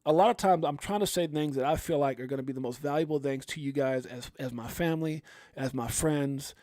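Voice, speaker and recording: A man's voice: fairly high pitch, fairly quick, darkish tone, no echo. A middle-aged man hosting a livestream, talking to his viewers in a heartfelt, rambling way that keeps repeating itself. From California. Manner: rambling, emotional, repeats himself. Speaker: crypto livestream host.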